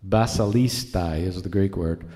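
A man's voice: low-pitched, measured pace, dark tone. A man preaching a sermon as a pastor, teaching in a conversational way with asides to his congregation.

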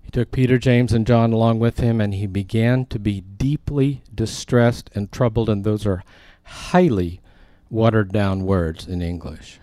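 A man's voice: fairly low pitch, steady tone, measured pace, hardly any pauses, warm tone, no echo, studio quality. A male pastor preaching a sermon in a conversational way, with emphatic asides as he reads and explains scripture.

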